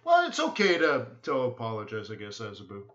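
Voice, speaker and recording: This forex webinar host speaks briskly in a mid-range, slightly bright voice whose pitch swoops wildly. Answering viewers on his live trading stream, he is blunt and emphatic and keeps repeating himself. The audio is echoey, dull and lo-fi.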